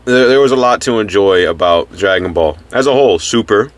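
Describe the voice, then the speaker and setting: Low-voiced man chatting on a podcast. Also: animated, brisk, no room sound. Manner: rambling, earnest, many restarts and fillers. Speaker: podcast co-host. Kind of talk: casual chat.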